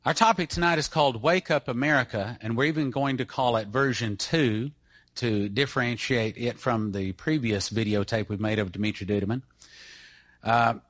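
A middle-aged man speaking earnestly to a gathered congregation, leading them through a personal story. His voice sits at an ordinary middle pitch, and the recording is dry and close, with little sound of the room. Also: fairly bright tone, dry recording. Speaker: church speaker introducing a guest. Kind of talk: testimony-style talk to an audience.

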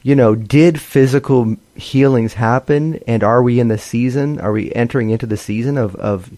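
Male co-host, measured and earnest, dry close sound. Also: medium pitch, dark tone, dry recording. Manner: earnest and measured, with many fillers. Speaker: ministry broadcast co-host. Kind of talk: conversational broadcast testimony sharing.

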